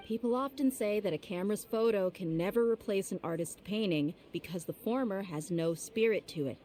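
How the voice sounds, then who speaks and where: A woman's voice: mid-range voice, a little fast, mellow, a little hiss or hum, natural voice. A woman playing a blunt swordswoman. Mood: steady. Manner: blunt and self-assured. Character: confident young swordswoman mercenary. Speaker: professional fighter. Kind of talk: video game voice acting.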